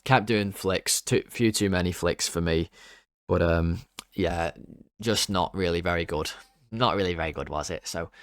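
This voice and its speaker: A lower-voiced young man rants through player ratings, exasperated and swearing. His voice is smooth and resonant, recorded close and dry with no room sound. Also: no room sound. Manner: exasperated, swearing, rambling with restarts. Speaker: football fan channel host. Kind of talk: frustrated player-ratings rant.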